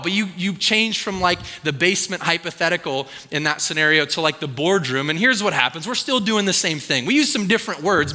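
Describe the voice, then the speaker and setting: A man's voice: high voice, expressive, fairly quick, few pauses, pushed and bright, long reverb tail. A man preaching a conversational sermon in church. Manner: conversational, acts out quoted voices. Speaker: pastor.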